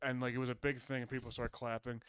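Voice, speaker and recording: A man co-hosting a casual podcast, rambling through profane, animated stories and talking over his co-host. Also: mid-range voice, fast, clear, resonant tone, no room sound.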